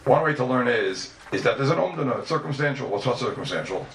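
Fast-talking man lecturing a Talmud class. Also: mid-range voice, animated, a bit bright, a little hiss or hum. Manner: rapid, questioning, sing-song give-and-take. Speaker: Talmud teacher. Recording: roomy, distant mic with faint ambience.

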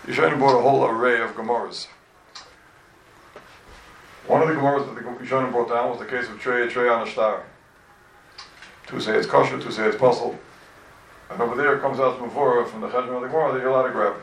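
Gravelly-voiced man teaching Talmud class. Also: mid-range voice, quick pace, pauses often, a little hiss or hum. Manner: animated, rhetorical questions, addresses students. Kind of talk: lively Talmud class lecture. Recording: echoey room, voice from a distance.

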